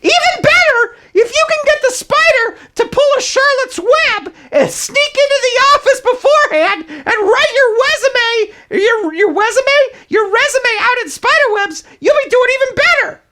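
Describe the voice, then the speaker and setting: A man's voice: very high voice, lively intonation, moderate pace, hardly any pauses, sharp tone, slight background noise, heavily acted. A man voicing a zany toilet paper roll puppet who gives over-the-top, mock-authoritative advice in an improvised comedy presentation. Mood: mock-serious.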